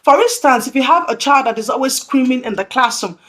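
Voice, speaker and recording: A woman's voice: high-pitched, expressive, fairly quick, fairly bright tone. A woman presenting tips to early childhood educators, earnest and repeating her key points. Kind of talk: instructional talk to camera.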